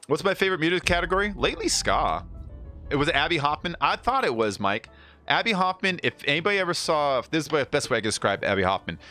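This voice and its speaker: A man chats his way through a racing-game stream, rambling from one story to the next and laughing as he reads chat aloud. His voice is bright and lively, swinging widely in pitch, with faint music playing behind him. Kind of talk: casual live-stream chat.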